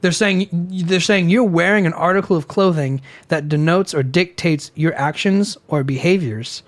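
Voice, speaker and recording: A young man with a fairly high speaking voice co-hosts a relaxed beer-drinking podcast. He rambles through his points, restarts sentences and laughs often. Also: moderate pace. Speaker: podcast co-host. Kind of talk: casual chat over beers.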